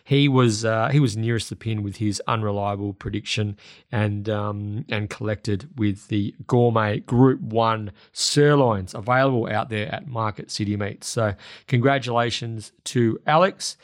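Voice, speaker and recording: A man's voice: fairly low pitch, fairly even intonation, unhurried, no echo, clean studio sound. An Australian man co-hosting a racing podcast in casual chat, his words a little slurred from new braces, with lots of fillers and restarts. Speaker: podcast co-host.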